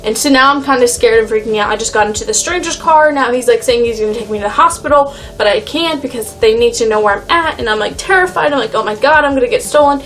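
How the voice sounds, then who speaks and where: A young woman rambles through a personal story to camera, full of "like" and "um". Her voice sits a little high. Soft music plays underneath. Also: quick pace, few pauses. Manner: rambling, lots of "like" and "um". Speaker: vlogger. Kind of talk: casual storytime vlog.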